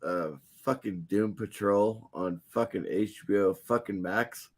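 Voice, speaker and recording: A man's voice: lowish voice, measured pace, husky. A man hosting a casual late-night chat, rambling and swearing constantly. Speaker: podcast host.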